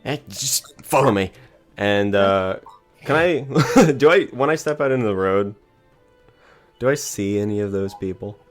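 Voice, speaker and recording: A man playing a tabletop game, speaking in a laid-back, halting way as he says what his character does. His pitch moves up and down freely. Faint music runs in the background. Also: animated. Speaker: player.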